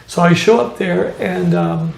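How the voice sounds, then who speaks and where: High gravelly man. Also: measured pace, roomy sound. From Montreal, Canada. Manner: animated, acts out quoted voices, many "you know" fillers. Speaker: tattoo artist. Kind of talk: storytelling interview.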